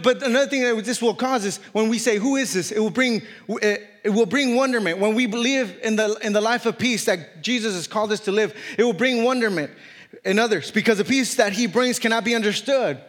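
A man's voice: sits high, fairly bright tone. A man with an accent preaching a sermon, reading scripture and then driving his points home with repetition. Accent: non-native English. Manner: reads scripture aloud, then preaches with repetition and rising emphasis; jokes self-consciously about his accent. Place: church hall. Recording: long hall reverb.

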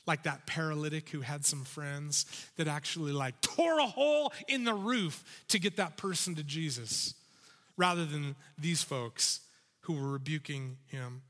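A man preaching an animated, urgent sermon in a church sanctuary with a reverberant sound. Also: on the high side, unhurried. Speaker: pastor. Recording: reverberant hall.

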